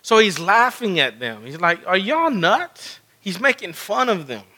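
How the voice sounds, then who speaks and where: A man's voice: sits high, sing-song, normal speed, bright, forceful tone. A man preaching a sermon, acting out quoted lines as he teaches. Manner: preaching, acts out God's words in quoted asides. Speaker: pastor.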